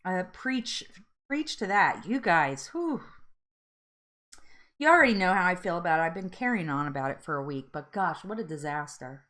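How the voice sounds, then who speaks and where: Lively chatty woman host. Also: on the low side, normal speed. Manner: chatty, laughs often, reads out viewer comments. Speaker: host of a live weight loss support chat. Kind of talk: casual live-stream chat.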